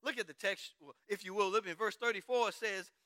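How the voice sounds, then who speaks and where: A man's voice: high-pitched, fairly even intonation, brisk, sharp tone, no echo. A man preaching a sermon in a church, driving his points with repeated rhetorical questions.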